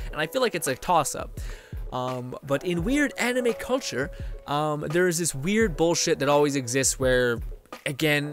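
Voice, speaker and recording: A man with a somewhat high voice talks through a casual, heated rant. He rambles, swears freely and slips into mocking impressions of other people. Faint music plays underneath. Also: a bit bright. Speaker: streamer talking to viewers. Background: faint background music.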